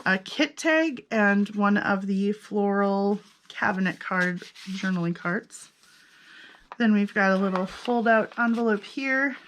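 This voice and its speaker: A woman's voice: mid-range voice, slow pace, fairly bright tone, slight background noise. Chatty woman narrating a craft flip-through. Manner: chatty, self-amused, thinks aloud. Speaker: crafter showing her handmade journals.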